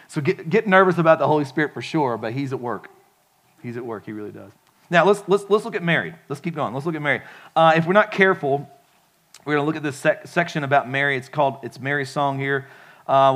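A man's voice: a little high, a bit bright. A man preaching a sermon as pastor, in a casual, conversational way with frequent asides to the congregation.

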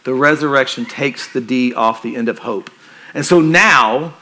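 A male pastor preaching a sermon in a conversational, joking style that turns quiet and earnest for emphasis. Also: on the high side, unhurried.

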